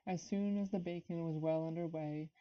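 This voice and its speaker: Low, flat-voiced woman reading aloud. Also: normal speed. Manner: nervous, stops to comment and greet chat viewers. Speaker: reader of a classic novel. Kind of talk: live-streamed book reading. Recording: dull lo-fi stream audio.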